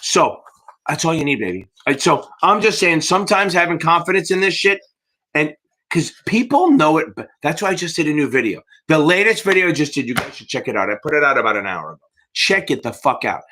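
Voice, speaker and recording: Hyped-up, profane man with lively pitch. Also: a little fast. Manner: profane, rambling, hyped-up cheerleading. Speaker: exam prep tutor hosting a live Q&A. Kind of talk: livestream Q&A chat.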